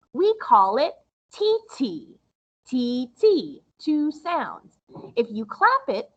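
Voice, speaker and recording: A woman music teacher giving a recorded lesson to young children, explaining slowly and patiently in a sing-song way. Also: high voice, muffled recording.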